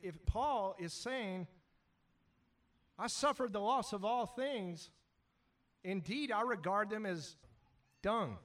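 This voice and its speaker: A man preaching a sermon as pastor, animated, shouting at times and then dropping to quiet asides. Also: high-pitched, takes it slowly, pauses often, far from the mic.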